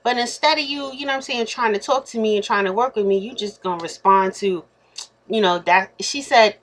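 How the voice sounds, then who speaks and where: A woman's voice: medium pitch, a little fast, a bit bright. A woman in her thirties telling a story in a casual vlog, blunt and straightforward, acting out the quoted exchanges as she goes. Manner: acts out quoted exchanges in shifting voices. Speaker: YouTuber.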